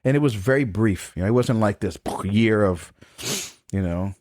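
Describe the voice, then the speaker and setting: A man's voice: on the low side, moderate pace, darkish tone, no echo, studio quality. A middle-aged man, a trombone professor, telling a personal story as a podcast guest in a frank, casual way, swearing freely and laughing between points. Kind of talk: candid conversational storytelling.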